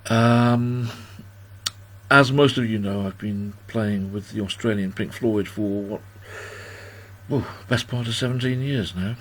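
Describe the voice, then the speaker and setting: With a fairly low pitch and a measured pace, a man in his 60s chats casually while hosting a birthday party livestream from home. He wanders from point to point, jokes at his own expense, and reads viewers' comments out loud.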